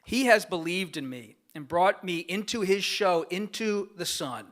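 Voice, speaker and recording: A man's voice: high voice, animated, unhurried, a bit bright. A man giving a formal, earnest acceptance speech at a gala, reading prepared remarks of thanks from a podium microphone. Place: large gala banquet room.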